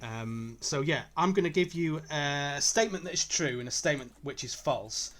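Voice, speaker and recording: Easygoing man, higher voice. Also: moderate pace, fairly bright tone. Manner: easygoing, chatty, laughs readily. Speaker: podcast co-host. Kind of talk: casual podcast chat.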